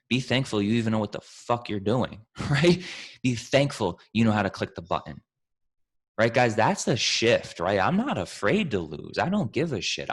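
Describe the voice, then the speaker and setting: In a fairly low voice, a man plays trading mentor during a casual question-and-answer session. He comes across amped up and profane like a coach, calling the people listening family and team.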